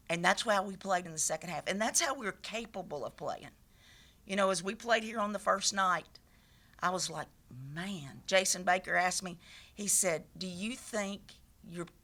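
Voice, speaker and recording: Bright-voiced, emphatic woman coach. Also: medium pitch. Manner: emphatic, passionate, repeats key phrases. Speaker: head coach. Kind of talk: press conference remarks. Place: press conference room.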